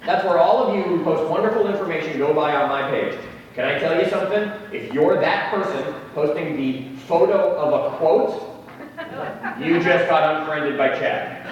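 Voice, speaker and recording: A man with a high-leaning voice, speaking at a moderate pace, presents a live real estate tech seminar in a conference room, joking and addressing the audience directly. It's recorded from far off in an echoey hall with faint noise.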